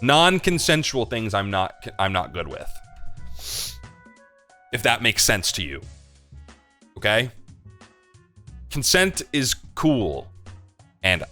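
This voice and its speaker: A young man hosting a livestream, answering chat questions in rambling, confessional casual talk, swearing freely and filling pauses with "like" and "um.". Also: on the low side, sing-song, bright, forceful tone, soft background music.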